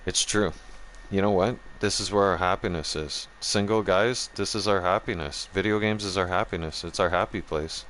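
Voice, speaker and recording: A man's voice: low-pitched, moderate pace, hardly any pauses, a bit bright, a little hiss or hum. A man hosting a gaming channel, ranting profanely in casual chat and talking straight to his viewers. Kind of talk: casual rant while streaming a game.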